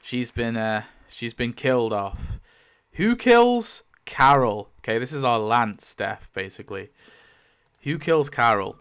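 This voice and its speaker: Male YouTuber, rambling casual commentary, clear smooth voice, mid pitch. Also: a little slow. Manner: rambling, lively, many fillers and laughs. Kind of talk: casual commentary while spinning a wheel.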